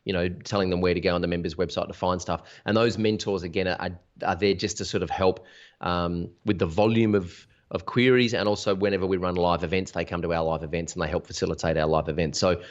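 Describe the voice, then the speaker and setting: A man with a very low voice explains his business to an interviewer, energetic and full of examples, often restarting a thought. The sound is dull and lo-fi. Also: fast. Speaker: interview guest, business founder. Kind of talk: casual conversational interview. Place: Sydney.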